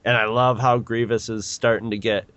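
With a medium-pitched, fairly bright voice that moves little in pitch, a man in his forties talks at normal speed on a podcast he co-hosts; there's no echo. The casual chat wanders, full of restarts and laughter.

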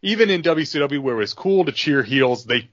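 A man's voice: mid-range voice, lively intonation, moderate pace, fairly bright tone, no echo. A male podcast host tells a long story in casual, rambling talk, full of fillers and restarts. His voice sits in a middle register, and the audio is dry and a bit dull.

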